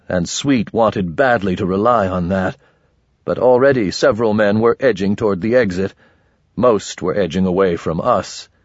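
A man narrates a first-person audiobook in a low, husky voice with a dry, steady delivery. The recording is close and dry, and it sounds slightly dull. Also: dry recording.

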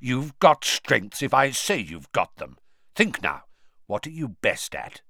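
A man reading an audiobook, voicing a gruff, suspicious, grizzled older male wizard with a growl. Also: mid-range voice, sing-song, slow pace, pushed and bright, no echo, studio quality, heavily acted.

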